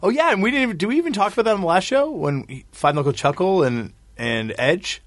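A man's voice: high voice, lively intonation, fast, a bit bright, no echo, clean studio sound. A man in casual chat, telling long rambling anecdotes and laughing often. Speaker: podcast guest, musician.

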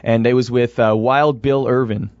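A man's voice: medium pitch, fairly even intonation, moderate pace, darkish tone, no echo. A man co-hosting a podcast, telling wry anecdotes in casual chat and laughing along. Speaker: podcast co-host. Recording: dry, muffled lo-fi audio.

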